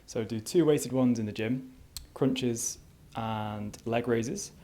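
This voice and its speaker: A man's voice: medium pitch, slow, dark tone, slight background noise. A young man talking casually to the camera as a fitness vlogger, outdoors in a garden, chatty and rambling with lots of "you know" asides. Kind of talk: casual vlog talk to camera.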